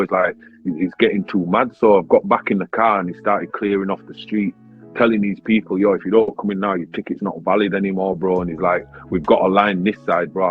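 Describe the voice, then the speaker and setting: A man, a grime artist and battle rapper telling a story in a casual interview, animated, swearing often and saying "bro" all the time. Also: deep voice, breathy edge. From Leeds, England. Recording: tinny phone-like sound with faint music.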